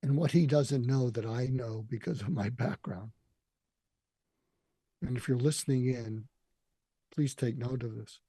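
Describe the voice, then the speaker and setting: An older man telling a deeply personal story in an earnest, emotional way, often quoting what others said to him. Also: unhurried, pauses often, mellow, husky, dry recording, clean studio sound. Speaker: guest.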